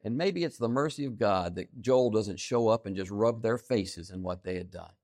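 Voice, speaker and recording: A man preaching a sermon, stressing key phrases by repeating them and swinging between loud emphasis and quiet asides. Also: lowish voice, moderate pace, no echo, studio quality. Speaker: pastor.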